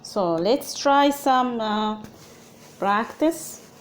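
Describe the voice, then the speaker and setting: A woman's voice: on the high side, lively intonation, very slow, a little hiss or hum. A woman with an Arabic accent teaching a language lesson, speaking patiently and repeating sounds for learners to copy.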